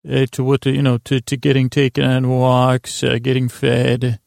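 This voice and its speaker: A man riffs in character as an earnest young king, his voice heavy with gravel and fry. He stumbles and restarts as he rambles through the comedy bit. The sound is dry and close. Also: medium pitch, monotone, darkish tone, dry recording. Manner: rambling, halting, full of restarts. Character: earnest boy king Tommen. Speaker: comedy podcast host.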